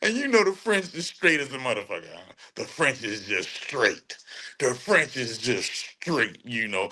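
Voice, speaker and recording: Slow-talking, slangy livestream host man. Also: medium pitch, sing-song, bright, forceful tone. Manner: slangy, laughing, drawn-out mocking repetition. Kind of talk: casual livestream commentary.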